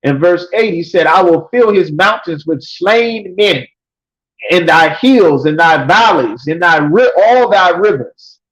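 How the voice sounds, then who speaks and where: A man teaching a scripture class, reading verses slowly and then explaining them emphatically, often checking with "you understand?". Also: sits high, lively intonation, a bit bright. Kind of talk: preaching scripture breakdown. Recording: dull lo-fi recording.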